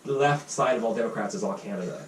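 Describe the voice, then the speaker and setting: A man hosting a casual podcast, telling a heated story fast, quoting others and swearing freely. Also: on the low side, slight background noise. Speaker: podcast host. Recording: roomy, distant mic with faint ambience.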